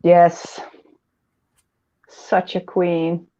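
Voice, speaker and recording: A woman hosts a relaxed livestream chat, drawling along at an unhurried pace. She rambles and giggles between thoughts. Her audio sounds dull and lo-fi. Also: lowish voice. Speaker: host.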